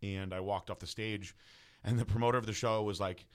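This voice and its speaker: Male guest, deep voice, candid profane personal story. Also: fairly even intonation, a little fast, smooth. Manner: casual, profane, heavy use of filler words. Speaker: guest bodybuilder.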